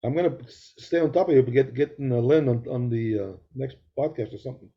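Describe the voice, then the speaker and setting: A man's voice: medium pitch, quick pace, husky. A middle-aged man co-hosting a podcast over a video call, telling rambling jokey stories in casual chat. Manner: joking, rambling storyteller. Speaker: podcast co-host. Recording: dull lo-fi call audio.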